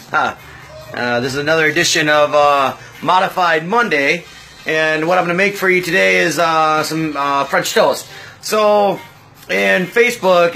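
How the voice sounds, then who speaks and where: A man hosting a casual home cooking livestream from his kitchen, laid-back and chatty, walking through each step with lots of pauses and fillers. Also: fairly high pitch, pushed and bright, low-quality recording.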